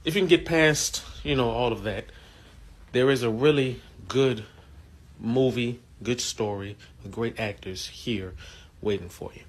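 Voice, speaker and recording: Husky-voiced man discussing a film. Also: mid-range voice, a little slow. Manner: relaxed explaining, some fillers. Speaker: movie commentator. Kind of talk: casual spoken film commentary.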